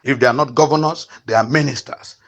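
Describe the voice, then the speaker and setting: A Nigerian channel host in his fifties, from the east of the country, speaks in a medium-pitched, fairly bright voice at a quick pace. His impassioned political commentary is made up of fiery, repetitive rallying calls, broken by frequent fillers.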